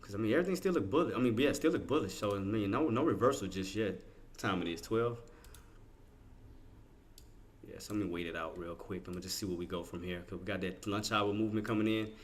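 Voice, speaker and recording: A man's voice: fairly low pitch, very fast. A man streaming his live trades, thinking aloud in casual slangy talk and chatting with his viewers. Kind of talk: live trading commentary.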